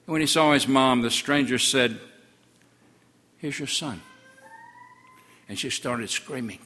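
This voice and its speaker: A man's voice: unhurried, pushed and bright, in a large hall. An older man telling it as an awestruck twelve-year-old village boy. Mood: grieving, awed. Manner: earnest storytelling, voice drops low in sorrowful passages. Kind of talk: first-person story sermon.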